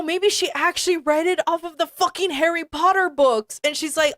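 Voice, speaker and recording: A woman's voice: very high-pitched, normal speed, hardly any pauses, dry recording, studio quality. A woman streamer reacting to a text she reads aloud, ranting and swearing in exasperated disbelief and repeating herself. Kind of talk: live-stream reading reaction.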